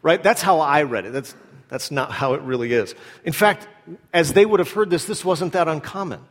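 A man preaching a sermon in a relaxed, conversational way, acting out little asides as he explains the passage. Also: fairly high pitch, moderate pace, in a large hall. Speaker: pastor.

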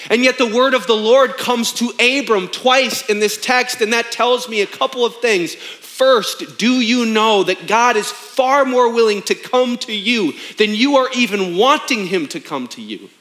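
A man's voice: very high voice, unhurried, hardly any pauses, a bit bright. A man in his thirties, a pastor preaching a sermon in an emphatic, conversational way with rhetorical questions.

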